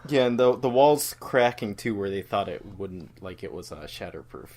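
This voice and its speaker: A man's voice: lowish voice, expressive, normal speed, darkish tone. A man on a casual podcast, adding side comments to the discussion. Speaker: podcast co-host.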